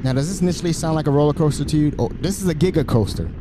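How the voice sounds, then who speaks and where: A man hosting a casual solo podcast, excitable and stumbling over repeated words, his voice a little raspy. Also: a little high, very fast, noisy background. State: slightly raspy from screaming. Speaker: podcast host.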